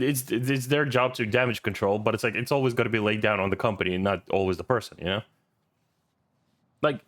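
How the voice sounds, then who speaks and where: A man streaming and reacting to a video in casual, rambling commentary, swearing often and laughing easily. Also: mid-range voice.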